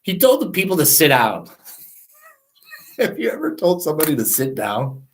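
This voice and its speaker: A man's voice: fairly high pitch, wildly swooping pitch, normal speed, rough recording. A man hosting a radio show, teaching from the Bible in a candid, self-deprecating, chatty way.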